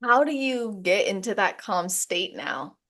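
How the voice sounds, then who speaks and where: A woman's voice: mid-range voice, sing-song, a little slow, fairly bright tone. A woman hosting a podcast interview, effusive and laughing often as she talks. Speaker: podcast host. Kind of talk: casual interview chat.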